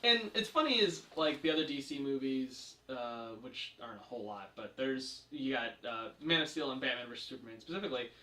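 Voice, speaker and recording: Man co-host, casual film talk, lively and quick to act out lines, bright tone, distant roomy mic. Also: medium pitch, slight background noise. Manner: animated, acts out lines in funny voices. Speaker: podcast co-host. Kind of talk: casual movie review chat.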